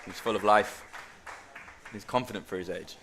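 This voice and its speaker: A man's voice: fairly low pitch, fairly even intonation, moderate pace, crowd noise, noisy background. A man commentating on a diving event in a chatty way, with light-hearted asides between dives. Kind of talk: live sports commentary.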